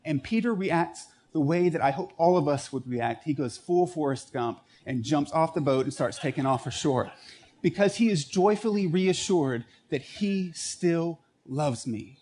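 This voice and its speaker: A male pastor preaching a sermon, telling stories and acting out quoted lines with lively shifts in pitch.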